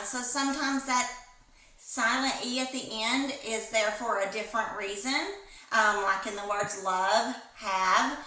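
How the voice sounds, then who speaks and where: A woman's voice: medium pitch, pushed and bright. A woman literacy trainer giving an instructional presentation to teachers over a video call, explaining step by step. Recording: echoey room, distant from mic.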